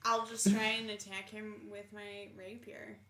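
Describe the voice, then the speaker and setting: A woman's voice: medium pitch, little pitch movement, measured pace, a bit bright. A woman playing a tabletop role-playing game, talking in a hesitant way that trails off. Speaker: player. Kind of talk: tabletop role-play chat. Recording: echoey room, faint noise.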